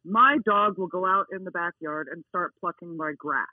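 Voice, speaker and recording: A woman who is not soft-spoken, talking emphatically in a casual interview and repeating her key words. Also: lowish voice, moderate pace, no echo. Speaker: dog owner interviewed as a guest. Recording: tinny phone line.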